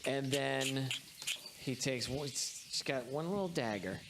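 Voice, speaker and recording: A man's voice: mid-range voice, slow pace. A man running a tabletop game as game master, calling rules and laughing often. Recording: noisy background hiss.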